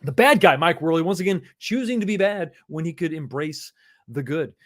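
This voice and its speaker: Guy in his 40s, slightly higher voice, laid back livestream chatter, chuckles a lot. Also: expressive, moderate pace. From Texas, USA. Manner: chatty and easygoing, with frequent chuckles and repeated phrases. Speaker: livestream host. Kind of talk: casual livestream chat, reading viewer comments.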